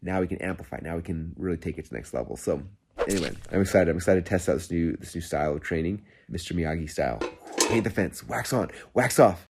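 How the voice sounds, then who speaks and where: A man in his thirties hosting a podcast, telling a story in a casual, excited, rambling way with lots of fillers and restarts. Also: sits low, fast, background noise. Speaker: podcast host.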